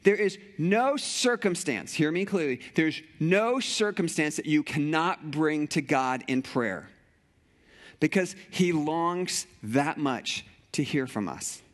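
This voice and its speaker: A man's voice: fairly high pitch, lively intonation, takes it slowly. A middle-aged male pastor preaching a sermon with passion, repeating phrases and often restarting sentences.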